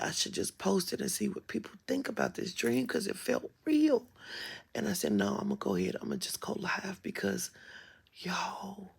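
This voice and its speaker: A woman's voice: mid-range voice, gravelly, slightly rough. A woman vlogger telling a personal story in casual, emphatic, profane speech, sometimes dropping to a whisper. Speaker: spiritual vlogger. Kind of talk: casual storytelling on a live stream.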